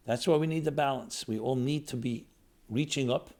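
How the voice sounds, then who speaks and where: A man's voice: mid-range voice, normal speed, a little mellow. A man giving a reflective spiritual talk as a rabbi, building his points in strings of short phrases that rise and fall in emphasis. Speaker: rabbi, lecturer.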